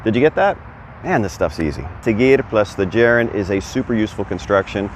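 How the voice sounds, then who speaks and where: Man, low pitch, casual video lesson, encouraging teacher, recorded outdoors, faint street noise. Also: animated, fairly quick. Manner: chatty, encouraging, quizzes the viewer. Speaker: Spanish teacher. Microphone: camera on a stand.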